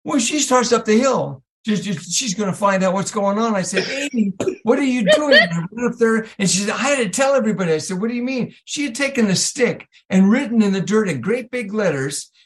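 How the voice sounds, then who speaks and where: A middle-aged man telling a family story in a lively, laughing way. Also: sits high, fairly quick, hardly any pauses, poor audio. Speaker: storyteller on a talk show. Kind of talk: casual storytelling.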